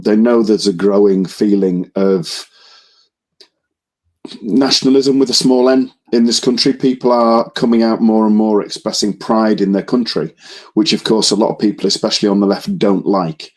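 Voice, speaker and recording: A man from the UK co-hosting a casual chat, giving blunt, opinionated takes. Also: lowish voice. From United Kingdom. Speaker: co-host.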